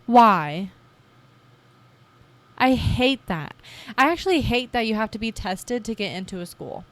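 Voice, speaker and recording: A young woman in her twenties, hosting her own podcast, telling her story in a chatty, casual way and acting out her past self with lively jumps in voice. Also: a little high, unhurried, dry recording. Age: 20s. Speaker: podcast host. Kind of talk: casual personal podcast monologue.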